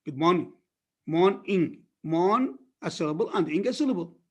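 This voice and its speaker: A man's voice: fairly high pitch, lively intonation, racing, husky. A man lecturing a class on phonetics, repeating words and often checking that his students follow. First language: Arabic.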